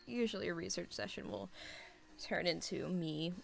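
A young woman answers listener questions in a loose, rambling chat. She giggles often and fills her pauses with "um" and "like". Her voice carries a gravelly vocal fry, and soft music plays faintly underneath. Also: on the low side. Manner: rambling and giggly, heavy on fillers. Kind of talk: casual chat.

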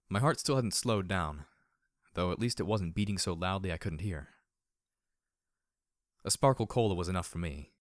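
A man reading a first-person story aloud in a measured, somber way. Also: low voice, no room sound, studio quality. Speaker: audiobook reader.

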